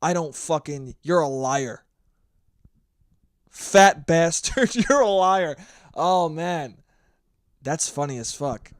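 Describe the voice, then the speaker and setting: Rambling, profane man with a higher voice. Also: expressive, slow pace, no echo, clean studio sound. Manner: rambling and profane, self-mocking. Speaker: podcast host. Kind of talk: casual solo podcast monologue.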